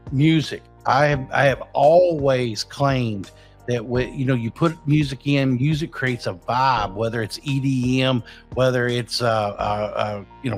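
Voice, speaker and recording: A man, a business coach giving blunt, profane advice in a rambling, casual talk. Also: medium pitch.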